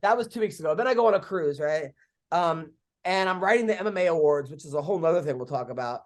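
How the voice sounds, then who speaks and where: High-voiced man telling stories casually. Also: quick pace. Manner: animated storyteller, swears freely, acts out quotes. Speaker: podcast host and comedian. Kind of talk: casual storytelling chat.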